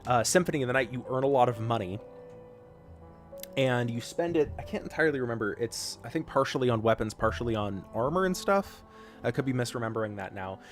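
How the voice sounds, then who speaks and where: An American man plays a game live while ribbing his chat in a loose, joking way. He trails off into ums and restarts often. Soft music plays faintly behind his mid-pitched voice. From United States. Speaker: streamer.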